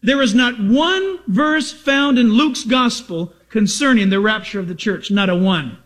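A man preaching a sermon as a pastor, emphatic and repetitive, asking rhetorical questions and sounding excited and over-caffeinated. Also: sits high, measured pace.

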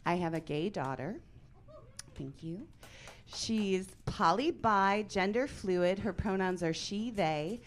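A woman in her forties performing a stand-up comedy set in a club, brash and deadpan, acting out the people she quotes. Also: medium pitch, slow, slight background noise.

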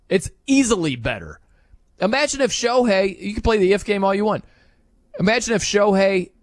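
A man hosting a sports talk show, ranting in an animated, incredulous way with frequent laughs. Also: high voice, no echo, studio quality.

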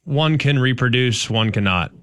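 A man's voice: medium pitch, expressive, moderate pace, a bit bright, no room sound, clean studio sound. A man from Texas, a co-host on a sports talk show, making his points with emphasis and often repeating them. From Dallas-Fort Worth, Texas. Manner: emphatic, repeats points, laughs between lines. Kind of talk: sports talk radio chat.

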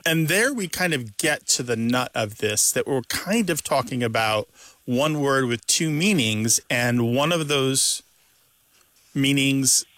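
A man co-hosting a call-in language radio show, explaining word stress to a caller in a lively lecturing way. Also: mid-range voice, slow pace, dry recording.

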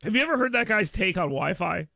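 A man's voice: high-pitched, animated, fast talker, creaky, bright, forceful tone, dry recording. A man hosting a radio talk show, rambling and repeating himself in casual chat, laughing often, at a studio microphone.

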